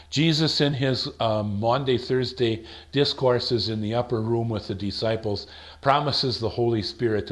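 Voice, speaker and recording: A man leading a Bible study, thinking aloud with rhetorical questions and slowing down to stress the verses he reads. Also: medium pitch. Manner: slows down to stress quoted verses. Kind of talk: conversational Bible teaching.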